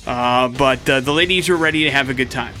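A male radio morning show host telling stories in lively, casual banter in a studio. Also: medium pitch, a little fast, soft background music. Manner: lively, chatty, animated storytelling with fillers.

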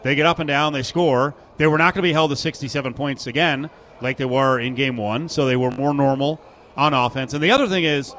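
A man's voice: mid-range voice, a little fast, fairly bright tone. A man hosting a casual sports radio show from a sportsbook, chatting, joking and reading live ads. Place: sportsbook broadcast booth.

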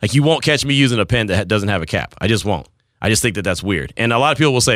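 Male radio host, rambling story, bright tone, lively delivery. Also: on the low side, racing, no echo, clean studio sound. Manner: animated storytelling, rambling, laughs at himself. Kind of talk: casual on-air banter.

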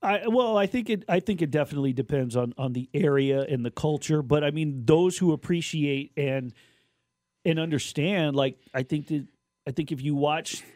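A man's voice: fairly high pitch, normal speed, darkish tone, no echo. Rambling male co-host, dry sound. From Southern Nevada. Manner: rambling, restarts sentences often. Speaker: radio co-host. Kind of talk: casual sports radio chat.

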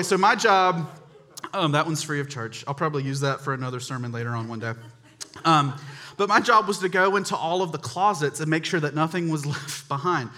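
Bright-voiced man preaching with chatty stories. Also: a little high, normal speed. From North Carolina, USA. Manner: chatty storytelling, addresses the crowd directly. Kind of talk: humorous anecdotal sermon.

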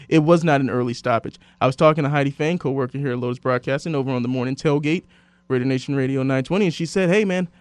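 A man hosting a casual sports podcast, telling stories and quoting others in lively voices. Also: on the high side, no echo. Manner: animated storyteller, quotes others in voices. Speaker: sports radio host.

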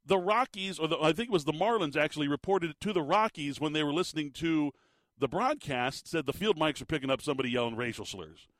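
A middle-aged man rants in an exasperated, animated way, often restarting his sentences. His voice sits fairly high for a man. The recording is close and dry. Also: fast, dry recording. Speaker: commentator. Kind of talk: opinionated monologue.

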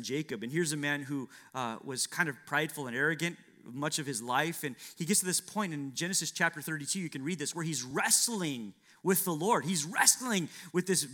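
A man's voice: on the high side, bright, forceful tone. A man preaching a sermon, acting out biblical dialogue with dramatic shifts and asking rhetorical questions.

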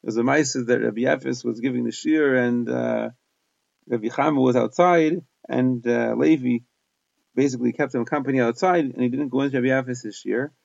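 A man's voice: mid-range voice, fairly even intonation, brisk, creaky, darkish tone, no echo. A man teaching a Talmud lesson, reading Aramaic phrases and explaining them in plain English with small hesitations. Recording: dull, dry close recording.

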